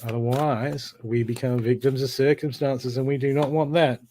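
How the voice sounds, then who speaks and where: This is a man at an ordinary middle pitch, running a live tarot reading. He talks casually and warmly to viewers, repeats his encouragements, and coaches them to take charge. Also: fairly even intonation, normal speed, slight background noise. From Australia. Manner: casual, encouraging, repetitive pep talk. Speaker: tarot card reader. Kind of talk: live-streamed card reading.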